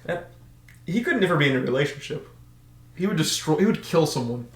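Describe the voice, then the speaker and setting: A young man on a podcast telling stories in casual chat, animated and laughing often, acting out shouted orders. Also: a little high, a little fast. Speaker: podcast co-host. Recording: echoey room.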